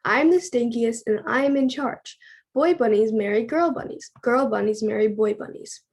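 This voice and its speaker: A woman's voice: a little high, normal speed, darkish tone. Woman doing a pompous stink bug boss. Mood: bossy. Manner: haughty, rule-giving. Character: pompous bossy male stink bug in charge. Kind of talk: storybook reading.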